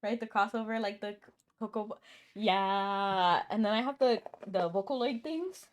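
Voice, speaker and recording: Woman streamer just chatting while she plays, laughs a lot, middle pitch, coughs sometimes. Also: normal speed. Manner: chatty, laughs often, answers chat. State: coughing now and then. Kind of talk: casual live-stream chat.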